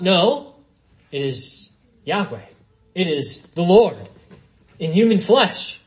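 A man's voice: sits high, very animated, slow. A man preaching an expository sermon, conversational, with frequent asides to the congregation.

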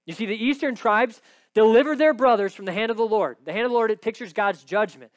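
High-voiced emphatic male preacher. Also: fast talker, no echo. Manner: emphatic teaching tone, often checks in with "right?". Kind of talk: sermon with scripture reading.

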